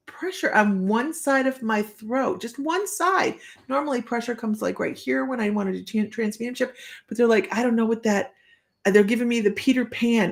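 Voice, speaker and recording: A woman's voice: on the high side, gravelly. A woman psychic medium giving casual live-stream readings, chatty and rambling, often breaking into laughter.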